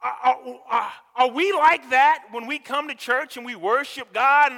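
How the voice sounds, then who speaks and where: A man's voice: very high-pitched, big pitch swings, a little slow, hardly any pauses, pushed and bright, in a large hall. A man preaching a sermon as pastor, emphatic and repeating his words, calling on the congregation to answer back.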